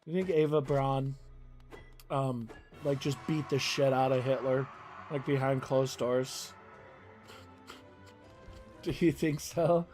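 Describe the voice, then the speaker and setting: A man's voice: medium pitch, steady tone, takes it slowly, long pauses, darkish tone, faint music behind. A young man streaming a game, chatting casually in a rambling, profane way and laughing often. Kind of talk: casual chat while gaming.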